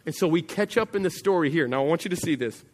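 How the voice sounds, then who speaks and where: A pastor preaching a sermon in a church, telling a story conversationally and dropping to a quiet voice for emphasis. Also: male voice, fairly high pitch, lively intonation, fast talker, big-room sound.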